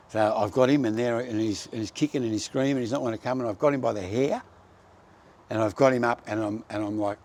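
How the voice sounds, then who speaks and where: A man's voice: on the low side, fast, darkish tone, slight background noise. A man giving a personal faith testimony, telling his story in an earnest, heartfelt way.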